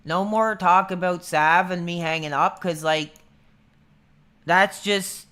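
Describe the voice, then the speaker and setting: Man, 30s, livestream host; casual rambler, bright edgy tone. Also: high voice, fairly even intonation, slow, clear, resonant tone. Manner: rambling, laid-back, says dude a lot. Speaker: streamer.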